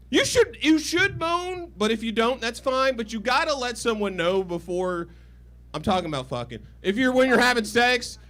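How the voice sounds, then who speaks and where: Guy doing crude rambly standup, kinda high voice, swings all over the place. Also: a bit bright. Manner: rambling, self-deprecating, crude. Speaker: stand-up comedian. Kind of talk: stand-up set, then casual chat. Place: comedy stage with live audience.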